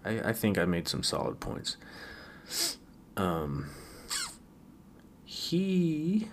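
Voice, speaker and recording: Male podcast host, low voice, wry and rambling with stammered restarts, faint hiss behind. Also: slow, gravelly. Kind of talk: late-night solo podcast musing.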